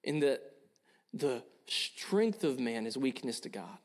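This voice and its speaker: A man's voice: medium pitch, sing-song, slow. A young man preaching a sermon, earnest and urging, often repeating his phrases. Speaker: pastor.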